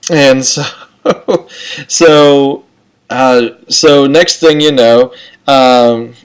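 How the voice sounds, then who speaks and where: A man's voice: mid-range voice, extremely slow, clean tone. A man telling a personal story in a loose, rambling, chatty way, full of "okay" and "and so". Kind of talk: casual spoken anecdote.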